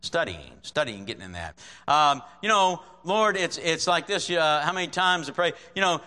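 Male preacher, slightly high voice, forceful and bright, conversational, sermon, keeps asking "right?". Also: animated, normal speed. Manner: conversational, checks in with frequent "right?"; chuckles often while preaching. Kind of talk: sermon with scripture reading.

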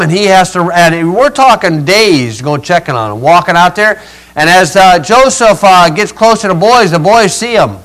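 An older male preacher retelling a scripture story in a folksy, dramatic way, swinging between loud rises and quiet drops. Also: sits high, expressive, normal speed, poor audio. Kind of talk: storytelling sermon.

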